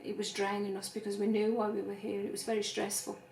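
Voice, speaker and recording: A woman's voice: medium pitch, completely flat delivery, fast talker, gravelly, a little mellow. A middle-aged woman, a mother, chatting casually in a plain-spoken, reassuring way. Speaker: vlogger's mother. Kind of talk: casual chat. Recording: echoey room with faint noise.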